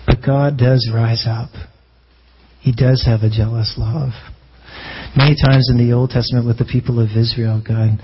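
A man's voice: medium pitch, fairly even intonation, normal speed, husky, highs cut off. A man preaching a sermon as a pastor in a conversational way, often restarting phrases and asking rhetorical questions.

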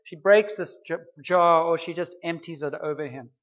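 A man's voice: a little high, normal speed, fairly bright tone, dull audio. A man preaching a sermon, retelling a story in an earnest, conversational way.

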